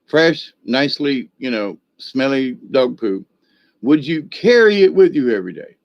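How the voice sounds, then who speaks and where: A man's voice: mid-range voice, animated, measured pace, highs cut off. A man giving a casual spiritual talk, telling stories in a rambling, folksy way with blunt, coarse language. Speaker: spiritual teacher. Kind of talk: casual spoken teaching.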